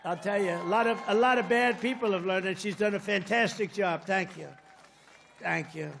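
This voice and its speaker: An older man giving a rambling, boastful rally speech, swinging from loud outbursts to muttered asides. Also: high voice, moderate pace, gravelly, some chatter behind. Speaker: politician addressing a rally.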